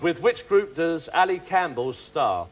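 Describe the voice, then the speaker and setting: A man's voice: on the high side, sing-song, unhurried. A man hosting a family game show, chatty, teasing and upbeat with young contestants. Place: TV studio with live audience. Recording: 1980s TV studio with loud audience and noise.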